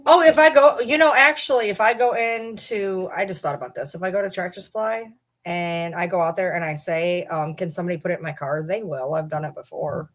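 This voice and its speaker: A woman's voice: on the low side, brisk. A woman hosting a casual livestream, chatting and rambling to viewers and swearing casually. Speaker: livestream host.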